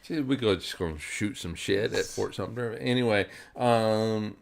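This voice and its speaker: A man's voice: on the low side, unhurried, creaky. A man from South Carolina, co-hosting a casual podcast chat and rambling with lots of fillers and restarts. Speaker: podcast co-host.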